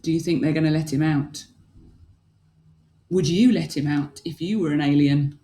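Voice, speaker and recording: A woman's voice: sits low, fairly even intonation, moderate pace, mellow. A woman teacher reading a picture book aloud to young children, asking them questions as she goes.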